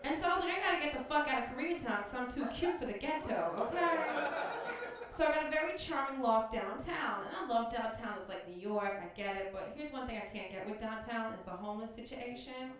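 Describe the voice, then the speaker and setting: A woman doing a stand-up comedy set, brash and profane, acting out street characters in quick bits. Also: a little high, expressive, background noise. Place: comedy club stage. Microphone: handheld stage mic. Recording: far, roomy live club recording. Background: audience laughter.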